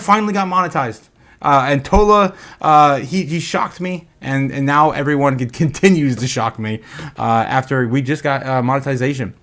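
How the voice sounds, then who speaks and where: Excitable giggly male livestream host. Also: a little high. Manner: excitable, laughs often, stammers and repeats himself. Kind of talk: excited live stream chat.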